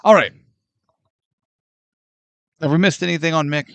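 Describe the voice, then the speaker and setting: A man co-hosting a podcast, chatting casually about a film in an animated way, laughing and acting out scenes. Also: a little high, a little slow, vocal fry, dry recording. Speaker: podcast co-host. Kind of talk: casual movie chat.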